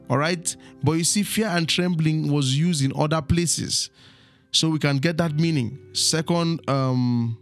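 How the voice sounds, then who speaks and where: A man teaching the Bible, reading verses aloud and explaining them, often stopping to ask the listeners to fill in the word and checking that they follow. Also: a little high.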